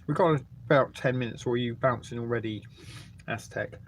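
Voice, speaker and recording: A man's voice: mid-range voice, fairly quick, slight background noise. Rambling English man hosting a livestream. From England. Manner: rambling and jokey, with many ums, eating and burping between remarks. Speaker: livestream host. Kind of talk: casual live-stream chat reading viewer comments.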